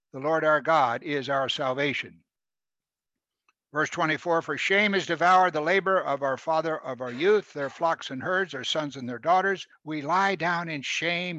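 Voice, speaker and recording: A man preaching a sermon, reading scripture aloud with loud emphatic rises and dropping to quiet asides. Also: a little high, no room sound. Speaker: pastor. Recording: dull lo-fi sound.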